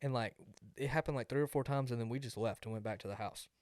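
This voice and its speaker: A man's voice: medium pitch, fast talker, a little mellow, no room sound, studio quality. A young man, co-hosting a podcast and telling a rambling story that leans on "like". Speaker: podcast co-host. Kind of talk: casual chat.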